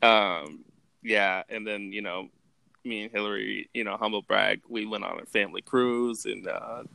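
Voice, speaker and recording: A young man with a gravelly, creaky voice chats loosely on a podcast, full of slang and swearing, jumping up high when he quotes someone. The recording is dry and close. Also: steady tone, moderate pace, bright, forceful tone, dry recording. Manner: laid-back, slangy, profane, jumps high for quoted lines. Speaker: podcast co-host. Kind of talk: casual chat recapping movie scenes.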